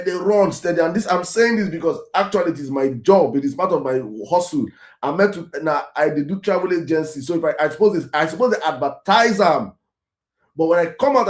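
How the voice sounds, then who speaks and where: A man's voice: a little high, echoey room. A Nigerian man hosting his own show, giving emphatic commentary that repeats key phrases and slips into Pidgin. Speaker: host. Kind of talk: impassioned commentary.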